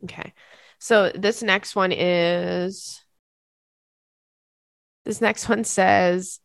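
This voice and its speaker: A woman's voice: medium pitch, steady tone, very slow, gravelly, long pauses, no echo. Young woman podcast host, chatty and emotional, lots of likes and ums, dry close mic. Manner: chatty and emotional, many fillers. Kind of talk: casual chat, reading listener letters.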